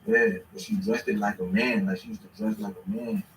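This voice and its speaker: A man in his thirties telling stories in casual chat, animated and swearing freely. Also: on the low side, brisk, far from the mic, a little hiss or hum. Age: 30s. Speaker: podcast host. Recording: echoey room, away from the mic.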